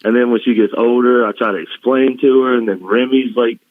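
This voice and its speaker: A man's voice: mid-range voice, fairly even intonation, a little fast, no room sound. Man from the South on a dull line. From American South. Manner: emotional storytelling with laughs. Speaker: guest. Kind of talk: casual chat.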